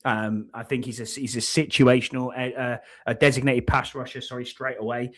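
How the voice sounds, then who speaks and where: A man's voice: medium pitch, level tone, brisk. A man hosting a casual sports podcast, chatty and hesitant, with frequent ums. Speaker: podcast host.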